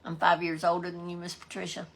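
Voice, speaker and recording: Southern woman, live-stream host, gravelly low voice, folksy chatter with viewers. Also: completely flat delivery, fast. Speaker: livestream host. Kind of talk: casual live-stream chat, reading out viewer comments.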